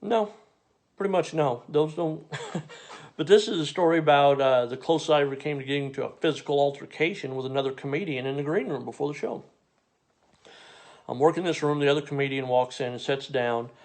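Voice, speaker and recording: A comedian from Missouri telling a funny story in a dry, exasperated way, sometimes breaking into incredulous rants. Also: male voice, a little high, brisk, darkish tone. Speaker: stand-up comedian.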